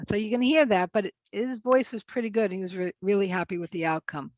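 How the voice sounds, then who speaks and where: A woman speaks in a middle-pitched voice, giving a conference presentation as a speech pathologist. Her delivery is casual and chatty, and she often backtracks to fix her words. The sound is dry and a little dull. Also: fairly even intonation, brisk, darkish tone, no echo. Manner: casual, chatty, self-correcting.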